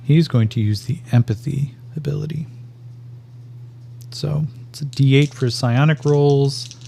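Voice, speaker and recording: A man narrating a solo tabletop game as game master, calling out dice rolls in a measured way. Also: mid-range voice, creaky, warm tone, a little hiss or hum.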